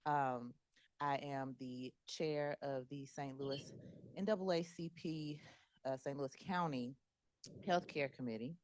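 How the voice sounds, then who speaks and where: A woman's voice: very deep voice, fairly even intonation, slow pace, no echo. A woman community partnership manager introducing herself formally at a meeting, listing her roles.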